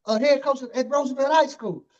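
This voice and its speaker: A man putting on a squeaky, fast-talking coach. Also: distant mic, lo-fi sound, slight background noise. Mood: eager. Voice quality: high-pitched, rapid-fire. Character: excitable fast-talking male high school basketball coach.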